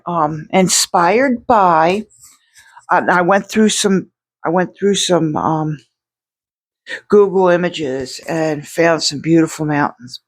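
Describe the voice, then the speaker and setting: An artist chatting casually to the camera in a home studio on a separate microphone, rambling and restarting sentences with lots of fillers. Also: medium pitch. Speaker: artist vlogger. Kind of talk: casual vlog talk.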